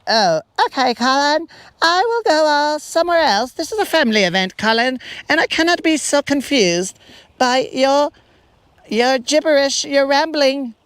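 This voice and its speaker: A man's voice: very high-pitched, expressive, normal speed, fairly bright tone, no echo, voice pushed up. A man voicing a flustered, confused young woman who speaks in a prim way.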